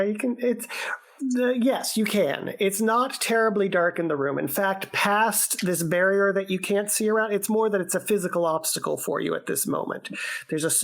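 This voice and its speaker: A woman narrating as dungeon master of a tabletop game played over a remote call, describing scenes with many fillers and hesitations. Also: mid-range voice.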